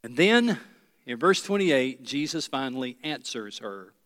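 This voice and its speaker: A man's voice: medium pitch, sing-song, measured pace, fairly bright tone, big-room sound. A male pastor preaching a sermon in a church, earnest and emphatic, turning to the congregation with asides.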